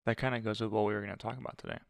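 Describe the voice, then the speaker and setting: Laid-back young guy podcasting with his wife, lowish smooth voice, dry close mic. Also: steady tone, rapid-fire, no echo. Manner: easygoing, thinks aloud with fillers. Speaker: podcast co-host. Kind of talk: casual chat. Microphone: close studio mic.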